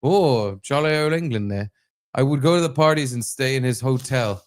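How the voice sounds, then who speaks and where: A man co-hosting a podcast talks casually at medium pitch and normal speed, cracking crude jokes and reading messages aloud in mocking voices.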